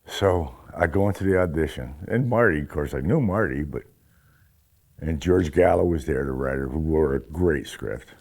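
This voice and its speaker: Deep gravelly man telling a story. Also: normal speed, darkish tone. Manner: rambling storyteller with many restarts. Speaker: actor recalling an audition. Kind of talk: casual anecdote.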